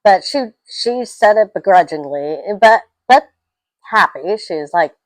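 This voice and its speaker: A woman's voice: mid-range voice, slow, no room sound, rough recording. Chatty woman reviewing a film, dry sound. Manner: chatty, rambling, animated storytelling with tangents. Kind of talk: casual spoken film review.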